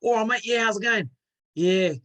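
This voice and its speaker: A man's voice: high-pitched, moderate pace, a bit bright, voice pushed up. A man doing a Cockney accent as a cheery London geezer, chatting in gossipy banter.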